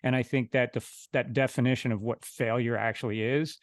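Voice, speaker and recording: A man's voice: mid-range voice, fairly even intonation, a little fast, no room sound, studio quality. A man co-hosting a podcast, speaking in an upbeat, reflective way. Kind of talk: casual podcast conversation.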